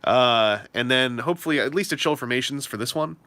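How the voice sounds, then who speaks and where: A man's voice: mid-range voice, a little fast, bright, forceful tone, slight background noise. A young man rambling casually to his stream viewers, self-deprecating and full of fillers. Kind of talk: casual livestream chat.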